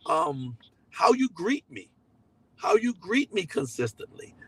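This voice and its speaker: A man's voice: sits high, sing-song, slow, fairly bright tone, husky, low-quality recording. A middle-aged man, a pastor, preaching in a conversational, emphatic way, often repeating key phrases. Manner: slips into voices when quoting people. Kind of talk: sermon-style teaching to a live online audience.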